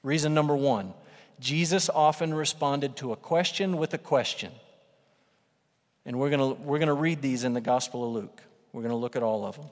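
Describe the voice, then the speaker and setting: Emphatic preacher man in a reverberant hall. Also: on the high side. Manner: conversational, emphatic, rising to loud bursts for quoted lines. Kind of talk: sermon.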